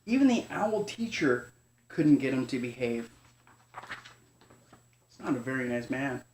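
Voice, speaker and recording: A father gently reading a bedtime story to his young son, speaking informally and stumbling and correcting himself now and then. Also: mid-range voice, very animated, measured pace, a little hiss or hum. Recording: echoey room.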